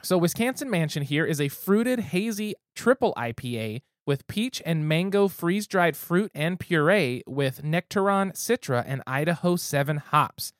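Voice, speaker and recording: A man's voice: a little high, expressive, normal speed, few pauses, dry recording, studio quality. A man hosting a casual podcast, talking in an easygoing, descriptive, good-humored way. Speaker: podcast host.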